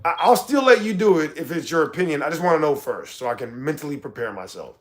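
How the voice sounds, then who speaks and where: Man livestream host, high voice, mocking and argumentative, faint music behind. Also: animated. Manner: argumentative, mocking, drawn-out emphasis. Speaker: livestream host reading chat. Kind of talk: casual livestream chat.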